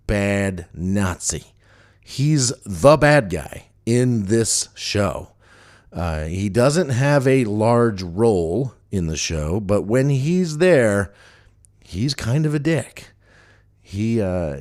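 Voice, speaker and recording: A man's voice: on the low side, darkish tone. A man hosting a casual solo podcast, rambling and chatty with frequent fillers and restarts. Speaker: podcast host.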